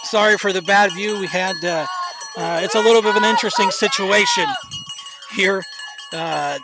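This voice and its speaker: High-voiced, nervous hometown sports announcer. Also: male voice, normal speed. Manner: excitable, openly nervous and partisan. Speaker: play-by-play commentator. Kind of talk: live local sports commentary. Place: outdoor stadium bleachers. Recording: noisy outdoor stadium stream.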